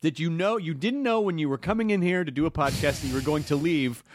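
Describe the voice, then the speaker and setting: A man's voice: on the high side, quick pace, background noise. A man hosting a podcast, asking playful, teasing questions in casual chat. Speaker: podcast host.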